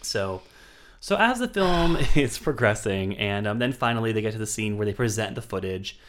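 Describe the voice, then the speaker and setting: With a fairly low, expressive and slightly bright voice, this podcast co-host retells a movie's story at a moderate pace. The casual chat wanders, full of ums and asides, over slight background noise.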